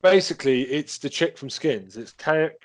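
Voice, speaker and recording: A man's voice: on the high side, animated, normal speed, no echo. A man chatting casually as a podcast co-host, rambling with many fillers and swearing freely. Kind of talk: casual chat.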